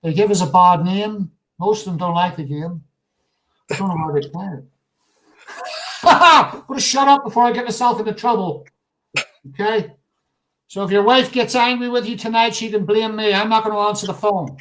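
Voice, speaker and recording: Male host, high-pitched, jokey, teasing banter in a casual live show. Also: normal speed, fairly bright tone, slight background noise, low-quality recording.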